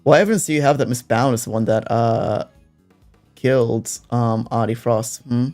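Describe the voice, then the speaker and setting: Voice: medium pitch, darkish tone. A streamer playing a detective game, reading the text aloud and ranting at the characters with plenty of swearing and laughter. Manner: heated and profane, quick to rant at characters; breaks into laughter between rants. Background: faint background music.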